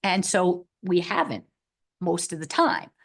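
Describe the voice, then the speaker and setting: A woman's voice: fairly low pitch, lively intonation, unhurried, a bit bright. Woman, committee member at a town meeting; discursive, talks through the issue with many restarts. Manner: thinking aloud, rambling with restarts and "like". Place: meeting room.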